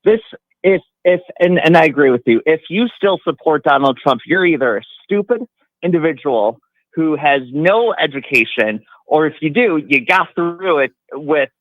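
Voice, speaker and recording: A man's voice: on the high side, expressive, normal speed, no echo, phone-quality sound. A man calling in to a talk show, hesitant with lots of fillers, getting worked up. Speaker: caller. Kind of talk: call-in conversation.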